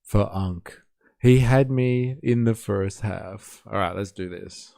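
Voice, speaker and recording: A man's voice: fairly low pitch, takes it slowly, vocal fry, warm tone, dry recording, clean studio sound. A man with a Western Sydney accent hosting a live stream, chatting casually with a sarcastic, teasing edge and frequent swearing. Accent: Western Sydney Australian. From Australia. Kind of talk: casual reaction stream chat.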